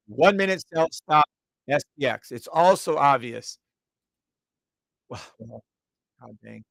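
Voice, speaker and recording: A man hosting a live trading stream, calling out trades in quick repeated bursts, brash and profane, mocking imagined viewers. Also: mid-range voice, gravelly, fairly bright tone, no room sound, poor audio. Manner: mocks imagined viewers in a whiny voice.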